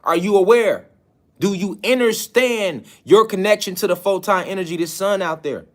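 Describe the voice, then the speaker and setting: A man with a fairly high-pitched voice delivers a spiritual lecture to an online audience. He talks insistently and keeps throwing rhetorical questions at his listeners, pressing them to see his point. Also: moderate pace. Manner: emphatic, insistent.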